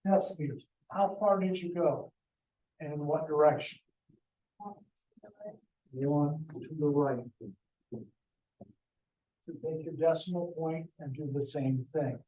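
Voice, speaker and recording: A man's voice: fairly high pitch, steady tone, slow, long pauses, mellow, echoey room, distant mic, highs cut off. A man teaching a math lesson to a class, joking and talking to the students directly. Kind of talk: classroom lecture.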